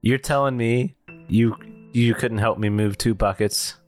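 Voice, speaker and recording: A man's voice: mid-range voice, fairly even intonation, measured pace, a little mellow, soft background music, lightly acted. A man in an improv comedy scene voicing a broke, scheming male mouse with a put-on Australian accent and a laid-back, hesitant drawl. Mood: pleading.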